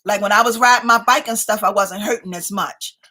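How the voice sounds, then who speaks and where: A woman's voice: mid-range voice, brisk, pushed and bright. A woman in her fifties hosting a live stream, chatting casually and laughing often as she reads viewer comments aloud. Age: 50s.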